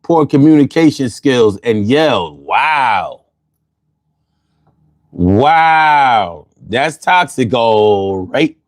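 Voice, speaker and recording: A man's voice: medium pitch, animated, very slow, no room sound, clean studio sound. A man hosting a casual livestream, reading out chat comments in a loose, slangy way and laughing often, a little bothered by allergies.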